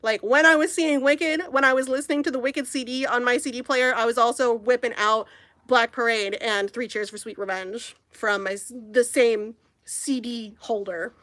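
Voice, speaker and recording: A woman's voice: fairly high pitch, steady tone, moderate pace, a bit bright, dry recording. A young woman from the United States talking casually while crafting, gushing and rambling with lots of fillers. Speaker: crochet vlogger.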